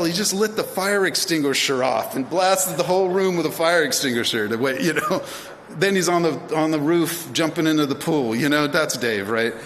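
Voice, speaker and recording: This speaker at an induction ceremony is an American in his fifties whose high-leaning, slightly bright voice moves a little fast. His storytelling speech wanders, packed with fillers and restarts, and the recording carries faint ambient noise and a big hall's long reverb.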